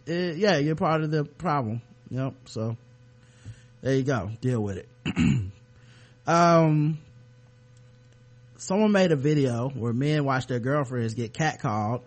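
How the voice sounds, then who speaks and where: A man co-hosting a podcast in loose, casual chat, clearing his throat now and then. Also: medium pitch, lively intonation, takes it slowly, long pauses. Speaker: podcast co-host.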